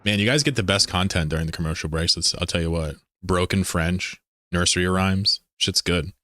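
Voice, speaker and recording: Low-voiced, joking male streamer. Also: normal speed, pushed and bright, dry recording, studio quality. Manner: joking, rambling, swears casually. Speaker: game streamer. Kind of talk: casual live-stream chat.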